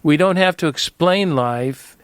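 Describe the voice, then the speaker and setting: A man's voice: on the high side, unhurried, clear, resonant tone, no echo. A man hosting a reflective conversation, affirming and thoughtful as he draws out his guest. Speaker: host.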